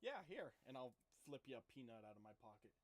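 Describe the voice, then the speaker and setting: A man playing a tabletop role-playing game, talking quickly and jokingly in casual banter. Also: medium pitch, very animated. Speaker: player.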